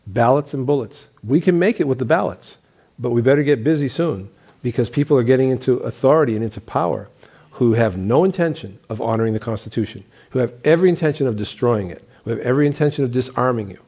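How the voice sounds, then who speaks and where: A middle-aged pastor teaching a class in an emphatic sermon style. He drives his points home with repeated phrases and rhetorical questions, often stumbling into restarts. His voice is mellow and dark, at an ordinary male pitch. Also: expressive, fast talker, husky.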